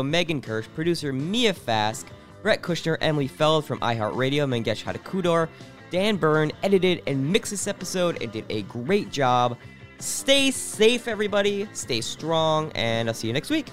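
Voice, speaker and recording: Lively, upbeat male podcast host. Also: on the high side, normal speed, soft background music. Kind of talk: show sign-off.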